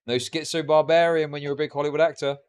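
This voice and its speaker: Sarcastic streamer, mid-high voice. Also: male voice, level tone, quick pace, smooth. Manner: profane, mocking, sarcastic asides. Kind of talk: live reaction commentary.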